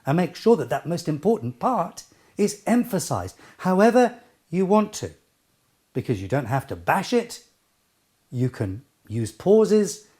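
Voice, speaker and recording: A man's voice: high voice, sing-song, unhurried, dark tone. A middle-aged man teaching a speech lesson, with an emphatic, theatrical delivery and playful asides. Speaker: speech and voice coach. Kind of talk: spoken lesson to camera.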